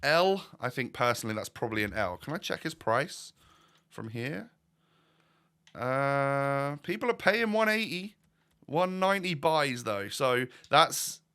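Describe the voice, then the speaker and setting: A man's voice: mid-range voice, lively intonation, unhurried, bright, forceful tone, clean tone. A man giving casual commentary over gameplay as a YouTuber, chatty and thinking aloud while asking viewers questions. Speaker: gaming YouTuber.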